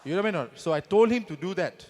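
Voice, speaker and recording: A man's voice: high voice, animated, fast. A man from Singapore with a Singaporean English accent, giving a motivational stage talk and constantly asking the audience to agree with him. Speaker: motivational speaker. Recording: long reverb of a big hall.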